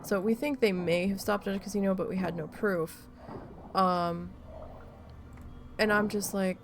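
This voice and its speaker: Gravelly-voiced woman venting on a stream. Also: mid-range voice, takes it slowly, long pauses, faint music behind. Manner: exasperated storytelling with frequent swearing. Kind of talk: casual chat during a live gameplay stream.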